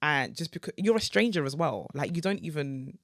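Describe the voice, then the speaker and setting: A woman's voice: deep voice, fairly quick, no room sound, studio quality. A woman co-hosting a podcast, chatting casually and telling a story animatedly. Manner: animated, acts out quoted voices. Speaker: podcast co-host.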